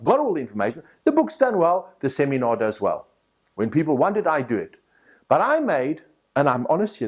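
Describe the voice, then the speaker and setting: A man's voice: mid-range voice, breathy edge. A man with a South African accent, a motivational speaker teaching a speaking course and telling personal stories in a direct, confiding way. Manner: animated storytelling, direct and confiding.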